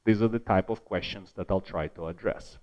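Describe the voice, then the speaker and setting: A man giving an academic conference keynote, lively and emphatic, repeating words for stress and adding joking, self-deprecating asides. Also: sits low, fairly quick, dull audio. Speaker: keynote speaker.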